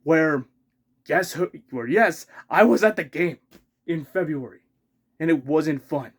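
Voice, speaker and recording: A man with a somewhat high voice rants like a heartbroken hockey fan. He circles back over the same complaints, swears freely and keeps flaring up into louder outbursts. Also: a little slow. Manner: exasperated, repeats himself, swears, rising outbursts. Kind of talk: ranting fan vlog.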